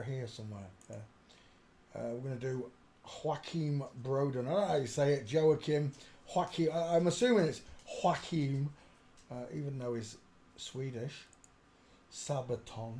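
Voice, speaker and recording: A man's voice: medium pitch, warm tone, slight background noise. An older man hosting a rambling live stream from his home desk, chatting, greeting viewers and humming to himself as he clicks around. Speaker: livestream host.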